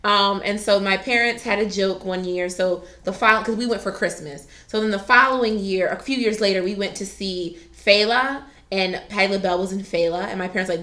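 A woman podcast co-host telling a story in casual chat, animated and laughing as she acts out what people said. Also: mid-range voice, brisk, hardly any pauses.

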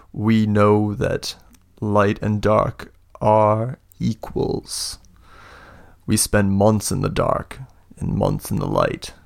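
Man playing a menacing older lord, one-eyed, grandiose, low gravelly voice, very slow. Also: no echo, studio quality. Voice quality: deep booming laugh. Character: imposing older male lord, scheming, one-eyed mentor. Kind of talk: tabletop role-play narration.

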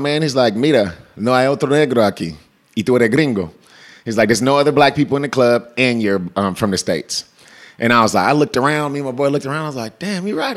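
Laughing storyteller from California. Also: male voice, medium pitch. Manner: animated, slangy, laughs often. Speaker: interview guest. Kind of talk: casual storytelling.

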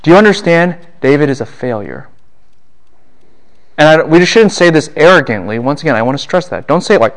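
A man lecturing a class on the Bible, animated and full of rhetorical questions. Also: fairly high pitch, fairly quick.

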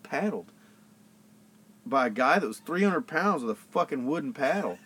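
Profane, animated middle-aged man. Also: on the high side, normal speed, slightly rough. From Pensacola, Florida. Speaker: podcast guest, guitarist. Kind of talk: casual chat.

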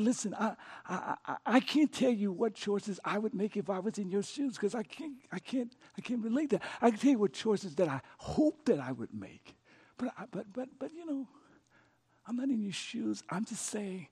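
A middle-aged man preaching a sermon as pastor, telling a story and swinging from soft, hushed moments to passionate pleas. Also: sits high, big pitch swings, moderate pace, husky.

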